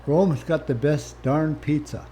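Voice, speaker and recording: An older man from Canada, a former First Nations chief, telling his life story as an interview guest in a candid, plain-spoken way that swings from quiet to animated. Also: a little high, normal speed, a little hiss or hum.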